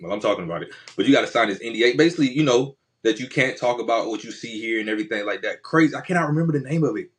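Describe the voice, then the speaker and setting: A man's voice: medium pitch, expressive, very fast, hardly any pauses. Slangy man, podcast co-host. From Georgia, USA. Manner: slangy, storytelling with repeated fillers. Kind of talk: casual chat.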